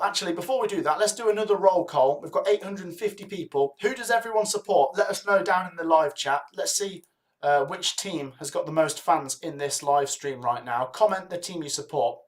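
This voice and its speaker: A man's voice: on the high side, fairly bright tone. A young man hosting a live football watch-along, chatting casually, urging viewers to like and comment, and rattling off club names from the chat. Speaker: livestream host.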